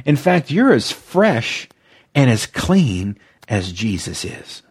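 A man's voice: medium pitch, big pitch swings, slow pace, slightly rough. A man preaching a devotional teaching, exuberant and emotional, leading listeners to repeat phrases after him. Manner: exuberant, emotional, leads call-and-response repetition. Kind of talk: devotional teaching, podcast-style.

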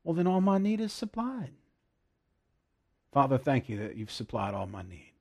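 A man delivers a devotional sermon in a husky, slightly breathy voice. He leans hard on his key phrases and repeats them slowly for weight. Now and then his voice falls to a hushed, near-whispered praise. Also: mid-range voice, sing-song. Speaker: preacher.

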